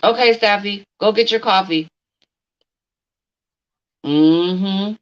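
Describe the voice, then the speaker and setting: A blunt middle-aged woman chatting on a livestream at an ordinary pitch, speaking as if directly to someone who isn't in the room and stopping to answer her chat. The sound is a bit dull and lo-fi. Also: slow pace. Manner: blunt, talks straight at an absent person, answers chat. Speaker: livestream host. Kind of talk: casual livestream commentary.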